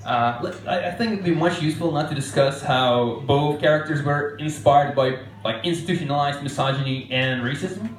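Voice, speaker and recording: A man's voice: on the high side, moderate pace, few pauses. A man doing a sarcastic, exasperated stand-up rant in a mock court case at a live comedy venue. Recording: roomy hall sound, mic at a distance.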